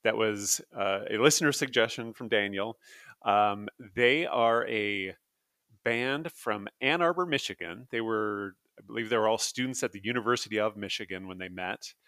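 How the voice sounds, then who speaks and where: Lower-voiced man podcast host, rambling. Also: moderate pace, sharp tone, dry recording, studio quality. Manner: rambling, laughing often, many restarts. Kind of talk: casual podcast chat.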